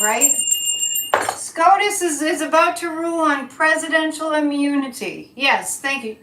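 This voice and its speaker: High-pitched and expressive, this woman from the United States reads out viewer comments during a laid-back psychic livestream, with noise in the background. Her delivery is indignant and emphatic, measured and unhurried, captured in an echoey room.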